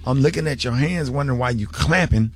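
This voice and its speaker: A man's voice: medium pitch, a little fast. A man in a casual panel chat, telling stories in a colloquial way with lots of restarts. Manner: animated storyteller, colloquial, repeats and stumbles.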